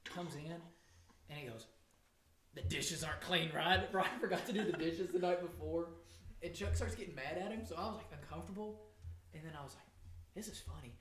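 A man's voice: on the high side, echoey room, a little hiss or hum. A young man telling stories in casual chat with friends on a podcast, laughing often. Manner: laughing storyteller. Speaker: podcast co-host.

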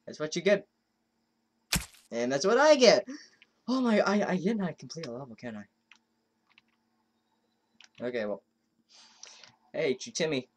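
Woman let's-play host, lowish voice, slow and very lively delivery, keyboard clicks faint behind. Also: a little hiss or hum. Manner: excitable, exclaiming, frustrated self-talk. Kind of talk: gameplay commentary.

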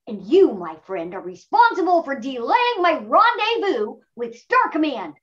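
A woman's voice: sits high, sing-song, unhurried, fairly bright tone, dull audio, voice pushed up, heavily acted. A woman voicing a bold boy genius who acts like a pompous space hero. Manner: grand, self-important declaring.

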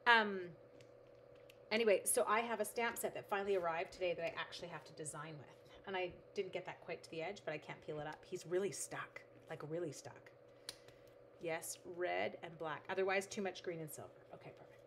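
A middle-aged woman with a lowish, fairly bright voice talks fairly quickly over slight background noise. She hosts a craft livestream, chatting casually as she makes cards, reading out viewer comments and talking to her materials.

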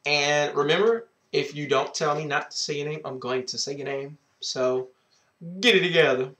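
This advice vlogger has a high-leaning, fairly bright voice. Sassy and outspoken, he offers dating advice in a casual vlog, swears freely, and keeps repeating a drawn-out greeting catchphrase.

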